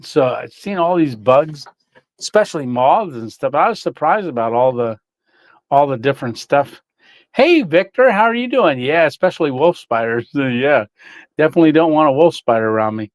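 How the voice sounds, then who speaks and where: A man's voice: on the high side, expressive, normal speed, no room sound. A man hosting a casual livestream, reading chat, greeting viewers by name and laughing often.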